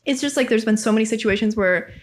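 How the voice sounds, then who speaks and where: A woman's voice: on the high side, fast. Candid young woman podcast guest. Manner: candid, frequent "like", swears casually. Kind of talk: casual chat.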